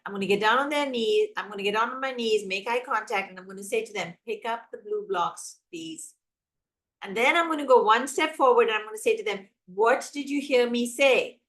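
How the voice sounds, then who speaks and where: A woman giving an emphatic teacher training talk on classroom management, acting out examples as she goes. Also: fairly high pitch. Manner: energetic, emphatic, acts out examples. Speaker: early childhood educator.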